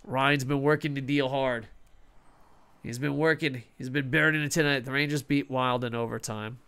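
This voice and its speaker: A man casually commenting over a hockey video game, excitable, swearing often and talking to himself. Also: medium pitch, moderate pace, smooth. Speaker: gaming streamer.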